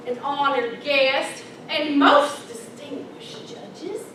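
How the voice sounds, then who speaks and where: A woman in her fifties giving a humorous Toastmasters speech, animated, breaking into song and acting out characters. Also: high voice, takes it slowly. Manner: animated, sings snatches and acts out characters. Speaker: Toastmasters speaker. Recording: echoey hall, distant mic, noisy.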